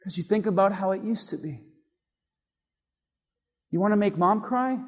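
In a church with a big-room sound, a male pastor preaches a conversational sermon, acting out little quoted remarks as he goes. His voice sits high and his pace is moderate.

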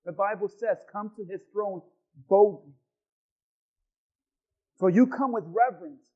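Pastor, man, very high voice, fiery sermon with sudden drops to quiet, muffled lo-fi sound. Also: measured pace. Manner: swings from loud shouting to quiet asides. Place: church hall with congregation.

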